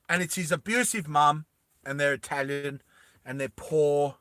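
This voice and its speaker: Slow, bright-voiced Kiwi storyteller man. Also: on the high side, clean tone, no room sound, clean studio sound. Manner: animated, with mouth sound effects. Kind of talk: casual movie retelling.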